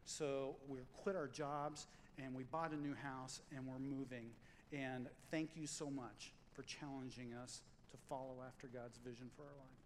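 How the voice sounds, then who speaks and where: A man preaching a sermon as pastor, in a conversational, animated way, acting out quotes and stories. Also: medium pitch, measured pace, in a large hall, a little hiss or hum, poor audio.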